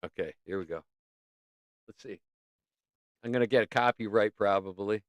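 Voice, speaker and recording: A man's voice: lowish voice, moderate pace, no echo. A man hosting a casual livestream, chatting in a rambling, playful way and often talking to himself. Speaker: livestream host.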